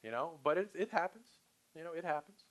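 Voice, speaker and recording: A man's voice: a little high, brisk. Man teaching a sales class. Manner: animated, acts out customer and salesperson lines. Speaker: sales trainer. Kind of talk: live sales training talk.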